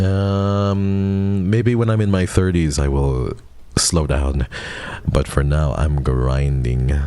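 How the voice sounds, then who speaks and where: A young man in his twenties chats casually with his stream audience. His voice sits very low, and the recording is dry with no room sound. He teases his viewers in playful mock outrage. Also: dark tone, no room sound. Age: 20s.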